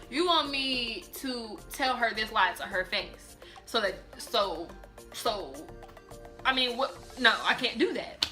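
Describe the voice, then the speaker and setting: A young woman telling a personal story in a casual vlog, animated and emphatic, often repeating and restarting her words. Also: fairly high pitch, takes it slowly, soft background music. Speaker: vlogger.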